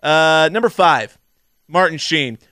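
A man's voice: a little high, animated, takes it slowly, pushed and bright, dry recording, clean studio sound. A young man co-hosting a casual film podcast, giving blunt, opinionated rankings. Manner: opinionated, ranks things with blunt verdicts. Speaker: podcast co-host.

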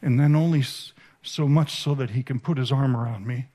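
A man giving a sermon at a conference, telling an emotional story with halting, repeated starts. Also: mid-range voice, dark tone. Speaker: conference speaker. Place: conference stage.

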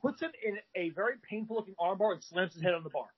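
Husky high-voiced man telling a bar story. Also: lively intonation, fast talker, lo-fi sound. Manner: rambling with frequent fillers and restarts. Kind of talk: animated storytelling.

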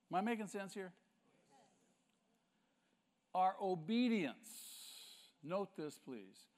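A man's voice: fairly high pitch, darkish tone. A male pastor preaching a sermon with emphasis, asking the congregation rhetorical questions.

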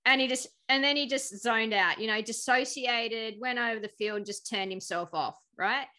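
A woman chatting in a lively, storytelling way, often laughing and voicing the people in her anecdotes. Her tone is bright and forward, with a crisp edge. She talks casually, as a guest on a podcast. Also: a little high, normal speed, slight background noise. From Australia. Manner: animated storyteller, laughing, acting out quotes. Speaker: guest, pharmacist.

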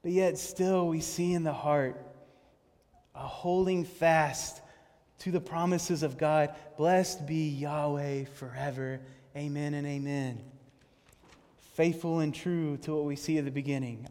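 A man preaching a sermon with passion, halting and repeating words, rising to loud cries and then dropping to hushed tones as he reads and explains scripture. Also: on the high side, steady tone. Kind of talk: sermon on a psalm. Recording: long hall reverb.

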